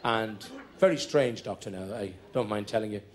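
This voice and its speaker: A man's voice: lowish voice, normal speed. A man telling comic stories on stage in a chatty, breezy way, breaking into short sung ditties. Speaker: stand-up comedian. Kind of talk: live comic storytelling. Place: stage at a hotel show. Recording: live stage, audience laughter, music.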